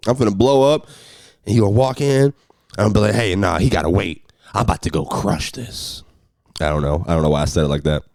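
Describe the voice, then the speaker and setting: A young adult man hosts a solo podcast, telling road stories in an animated, ranting style. His voice jumps high and loud when he gets worked up, and the recording is dry.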